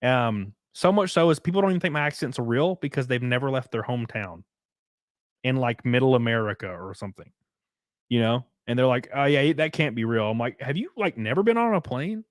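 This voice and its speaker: A man's voice: medium pitch, a little fast, no echo, clean studio sound. Laid-back Southern-drawling male streamer. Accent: Southern US rural. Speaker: streamer reading super chats. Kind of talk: casual livestream chat.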